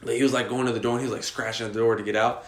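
A young man co-hosting a casual podcast, telling a story with lots of slang and swearing and getting loud and animated at the scary parts. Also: mid-range voice, racing. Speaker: podcast co-host. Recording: echoey room.

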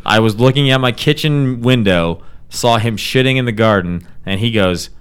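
A man's voice: fairly low pitch, moderate pace, clean tone. Laughing man acting out a story. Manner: laughing storyteller, acts out quotes in silly voices. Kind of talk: casual comedic chat.

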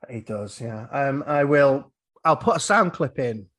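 Mann, der locker über einen Film plaudert. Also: male voice, mid-range voice, animated, a little slow, fairly bright tone. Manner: rambling, with fillers and acted-out quotes. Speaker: podcast host. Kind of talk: casual film chat.

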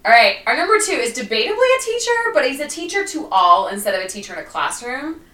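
A woman's voice: a little high, sing-song, fast, pushed and bright, roomy sound, distant mic, rough recording. A woman who is a former teacher co-hosting a podcast in casual chat, with fillers and laughs. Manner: chatty, many fillers and laughs.

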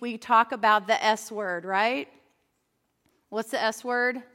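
A woman's voice: fairly high pitch, fairly bright tone. Chatty woman teaching in a reverberant hall. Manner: chatty, asks the audience questions. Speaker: Bible study teacher. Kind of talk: church Bible study talk.

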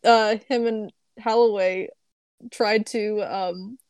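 A woman's voice: mid-range voice, fairly even intonation, slow, darkish tone, clean tone, no room sound. A woman playing a tabletop game, explaining hesitantly. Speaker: player.

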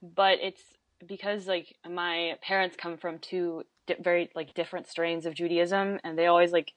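A woman's voice: on the low side, level tone, normal speed, no room sound. Chatty young woman, dry close sound. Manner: chatty, laughs often, many "like" fillers. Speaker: podcast guest. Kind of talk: casual conversation.

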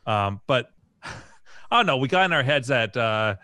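A man's voice: mid-range voice, sing-song, normal speed, pushed and bright, dry recording. A man, a podcast co-host, telling a funny childhood story in casual chat, chuckling as he goes. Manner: laughing, loose storyteller.

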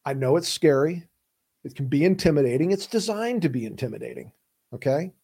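A male defense lawyer hosts a casual explainer, plain-spoken and urgent as he drives his points home. His voice sits a little high for a man, and he stays emphatic throughout. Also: lively intonation, brisk, warm tone, breathy edge. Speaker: podcast host and criminal defense lawyer.

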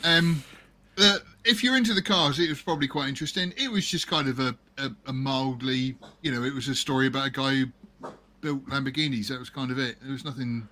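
Bright-voiced man rambling casually. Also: mid-range voice, a little fast. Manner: rambling, hesitant with many ums. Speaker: podcast co-host. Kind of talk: casual movie chat on a live stream.

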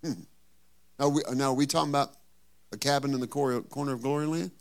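A male pastor preaching a sermon in a conversational tone, firing rhetorical questions at the congregation and building to loud, emphatic peaks. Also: medium pitch, fairly even intonation, quick pace.

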